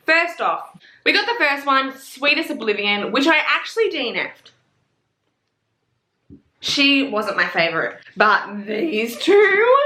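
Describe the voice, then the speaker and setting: A woman's voice: fairly high pitch, echoey room. A young Australian woman with an Australian accent, gushing and swearing in a casual book review vlog. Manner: gushing, profane, excitable.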